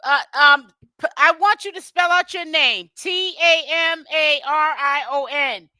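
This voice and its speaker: A woman's voice: high-pitched, unhurried, pushed and bright, dry recording. A woman hosting a live stream, chatting casually and greeting viewers one by one, often stumbling over names. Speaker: livestream host.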